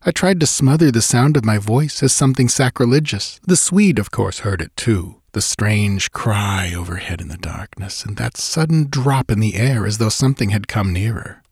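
Male audiobook narrator, low and husky, dry close sound, measured and dramatic. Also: darkish tone, dry recording. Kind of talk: scripted narration of a ghost story.

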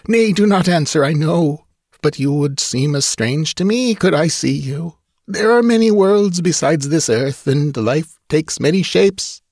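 A man voicing an ancient, blind and tortured alien elephant-being, speaking in a slow, solemn and mournful chant. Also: a little high, creaky, darkish tone, no room sound, studio quality, pitched above the performer's own voice. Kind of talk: audiobook character reading.

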